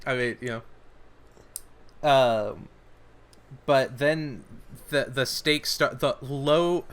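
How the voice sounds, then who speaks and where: A man's voice: mid-range voice, very slow, clear, resonant tone. A man co-hosting a podcast, casually recapping a film's plot in a rambling way with lots of filler words. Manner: rambling, many "like" fillers, retells scenes. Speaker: podcast co-host. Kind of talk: casual movie recap chat. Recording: audio-only podcast.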